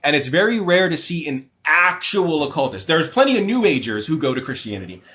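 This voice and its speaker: A young adult man hosting a laid-back livestream reads comments from viewers and responds in an opinionated, rambling way, full of fillers and restarts, mocking others in put-on voices when he paraphrases them. His voice runs on the high side with big pitch swings, fairly quick, pushed and bright.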